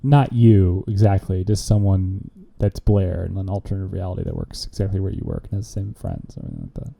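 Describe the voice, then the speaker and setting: A man hosts a loose, joking podcast chat. His voice is very dark and mellow. He rambles through his jokes, full of fillers and restarts. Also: low voice, animated, a little fast, gravelly, slight background noise. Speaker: podcast host. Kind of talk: casual chat.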